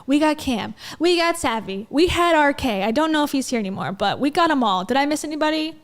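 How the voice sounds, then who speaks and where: A woman's voice: high-pitched, expressive, a little fast. A woman hosting a livestream, chatting casually and skeptically as she comments on event clips and greets viewers. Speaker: livestream host reviewing an event.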